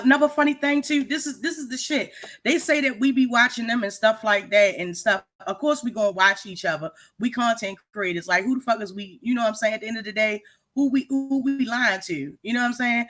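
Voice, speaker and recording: Co-host on a live stream, bright voice, stumbles and repeats, swears a lot. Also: medium pitch. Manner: emphatic, repeats words, profane. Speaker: livestream co-host. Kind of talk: livestream commentary.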